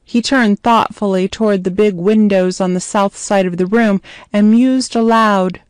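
A woman narrating a scripted story in a measured, clear way. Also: mid-range voice, fairly even intonation, a little mellow, no echo, clean studio sound.

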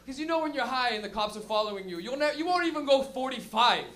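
Profane, animated stand-up comic man. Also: very high voice, fast. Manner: profane, animated, acts out characters. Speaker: stand-up comedian. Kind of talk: stand-up routine. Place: comedy open mic in a crowded apartment.

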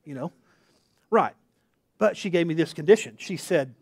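A man's voice: high-pitched, lively intonation, a little fast, darkish tone, dry recording. A middle-aged man, a pastor, preaching a sermon in a storytelling, self-deprecating way that mixes humor into his points.

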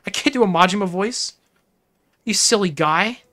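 A woman's voice: mid-range voice, a little slow, fairly bright tone. A woman game streamer chatting casually on a livestream, giggly, rambling and easily flustered.

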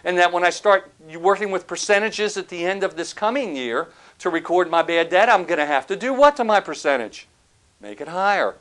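Man teaching a class, slightly high voice, chatty, keeps asking "okay?". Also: animated, a little fast, a bit bright. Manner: conversational, asks the class questions; tells anecdotes to make a point. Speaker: professor. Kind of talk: recorded accounting lecture.

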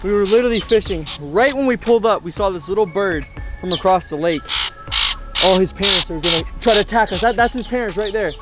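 Soft-spoken man with music behind. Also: high voice, quick pace. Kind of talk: casual vlog talk.

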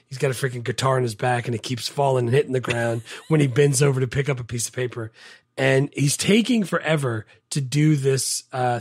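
A man's voice: medium pitch, dry recording, studio quality. A man co-hosting a podcast in casual movie chat, animatedly acting out lines from a film in raised voices. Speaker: podcast co-host.

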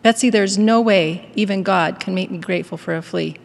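A woman's voice: mid-range voice, brisk, gravelly. A woman reading out the lines of a weary, reluctant woman prisoner who answers with exasperation, in a hall with a long echo. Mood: exasperated.

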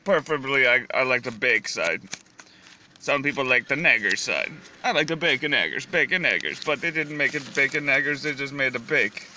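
A man's voice: mid-range voice, moderate pace, bright, forceful tone, slight background noise. A man from Canada doing a casual food review vlog, eating as he talks and goofily repeating the same phrase over and over. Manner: goofy, repetitive, chanting the same phrase.

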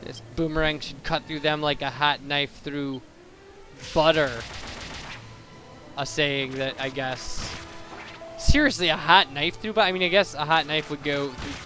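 A young man chats through his game in a bright, slightly high voice, drifting off into digressions and restarting his sentences. He talks into a boosted home microphone. Faint game music runs behind him. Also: fairly even intonation, normal speed. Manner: rambling, digressive, self-correcting. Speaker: let's play commentator. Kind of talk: casual gameplay commentary.

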